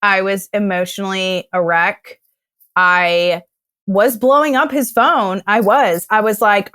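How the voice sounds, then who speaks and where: A young woman recounts a personal story in an easy conversational way, acting out her past words with feeling. Her voice sits at an ordinary pitch, and the recording is close and dry with no room sound. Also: slow, smooth, no echo. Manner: animated, acts out her own past words. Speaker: guest telling her story. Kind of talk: casual storytelling.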